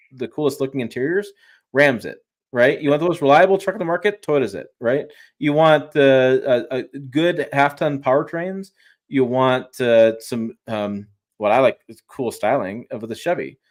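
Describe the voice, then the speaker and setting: A man's voice: medium pitch, normal speed. Emphatic, rambling man on a video call. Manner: rambling, restarts often, emphatic. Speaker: truck journalist guest. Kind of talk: casual live-stream chat.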